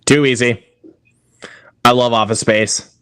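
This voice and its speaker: A young man in casual chat as a quiz contestant, excitable and stammering, full of filler words. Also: medium pitch, a little slow, smooth, dry recording, clean studio sound.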